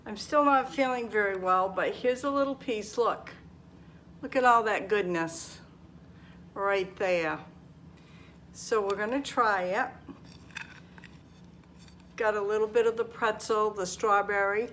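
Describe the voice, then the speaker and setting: Slow, homey older woman. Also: medium pitch, fairly bright tone, a little hiss or hum. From Maine. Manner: homey, chatty, talks viewers through each step. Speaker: home cooking vlogger. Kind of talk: casual cooking demonstration. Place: home kitchen.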